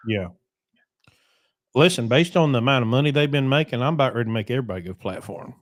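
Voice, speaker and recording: A man's voice: mid-range voice, quick pace, noisy background. A man hosting a casual trucking podcast, talking loosely with plenty of ums and asides. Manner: loose, rambling, with many ums. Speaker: podcast host.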